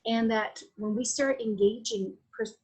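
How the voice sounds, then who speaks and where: A woman's voice: on the high side, fairly even intonation, a little slow, a little mellow, breathy edge, poor audio. A woman with a Latin American Spanish accent, a guest on a podcast interview, talking in a flowing, reflective way with many restarts and fillers. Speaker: guest, Vedic astrologer.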